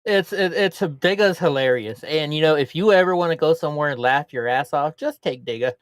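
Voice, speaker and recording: A man's voice: fairly high pitch, brisk, smooth, no room sound. A man co-hosting a casual livestream chat, telling rambling, profane stories. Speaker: livestream co-host. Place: lives in California.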